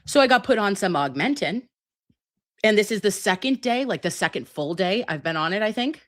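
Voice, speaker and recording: A woman's voice: mid-range voice, animated, brisk. A woman hosting a casual livestream chat, brassy, profane and dramatic while recovering from a sinus and ear infection. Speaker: livestream host.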